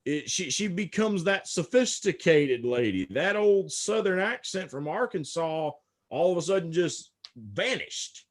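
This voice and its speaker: Male podcast commentator, slightly high voice, emphatic, repeats words on restarts. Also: expressive, measured pace, few pauses. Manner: emphatic, often repeats a word several times before going on. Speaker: political commentator. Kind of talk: casual podcast discussion.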